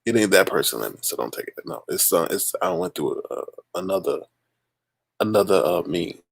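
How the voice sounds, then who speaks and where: Gravelly, animated man hosting a livestream. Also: low voice, brisk, no room sound. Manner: exasperated, laughing, talks to chat as "y'all". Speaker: livestream host. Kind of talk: casual livestream chat.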